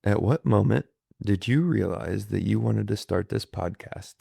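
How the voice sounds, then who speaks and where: A man's voice: fairly low pitch, a little slow, gravelly, mellow, breathy edge, dry recording. A man in a casual chat with his wife, asking her questions, with dry, understated humor and few words. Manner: dry, understated, reluctant talker. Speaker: guest interviewer, host's husband.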